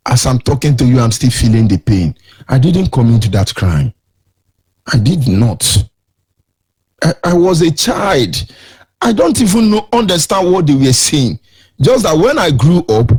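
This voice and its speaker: A man's voice: mid-range voice, a little mellow, breathy edge. A middle-aged man with a Nigerian accent hosting a radio show, delivering emphatic, sermon-like commentary with sing-song rises.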